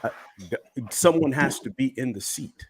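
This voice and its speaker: A man's voice: mid-range voice, lively intonation, normal speed. A man who is a minister co-hosting a casual faith talk, driving his points home with repeated phrases. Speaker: minister and co-host.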